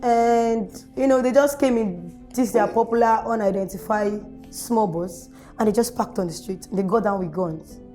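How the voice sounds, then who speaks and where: A young Nigerian woman, an activist guest in an interview, telling her story in a lively way and acting out the voices she quotes. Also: medium pitch, normal speed, faint music behind. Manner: animated, acts out quoted voices.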